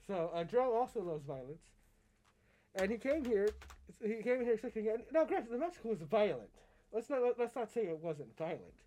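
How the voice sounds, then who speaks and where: A man's voice: sits high, sing-song, normal speed, mellow. A man co-hosting a wrestling podcast in casual chat. He talks chattily, often laughs, and builds his stories with drama.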